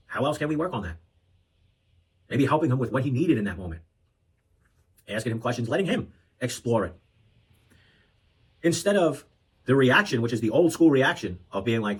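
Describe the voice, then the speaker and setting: Casting note: earnest man in his thirties, husky mid-range voice, reflective monologue with frequent restarts. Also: medium pitch, expressive, normal speed, long pauses, poor audio. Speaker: parenting vlogger. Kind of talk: reflective talk to camera.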